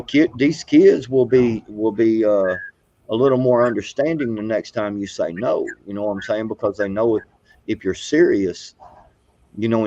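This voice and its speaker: A man's voice: lowish voice, a little mellow, dry recording. A middle-aged man hosting a casual live talk show, rambling with many fillers and restarts. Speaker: podcast host. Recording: dull, muffled sound.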